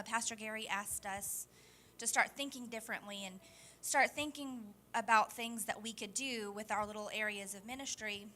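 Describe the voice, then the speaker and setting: A woman's voice: mid-range voice, bright, forceful tone. A woman who leads a kids' church program, speaking to the congregation in an upbeat, chatty way. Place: church service.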